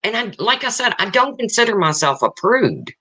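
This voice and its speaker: A person in their fifties hosts a livestream and talks frankly to the chat. The voice is bright and forceful, and it swings widely in pitch. They keep circling back to the same points in plain, casual language. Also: very animated, moderate pace. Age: 50s. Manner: blunt and frank, repeats points. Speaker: livestream host.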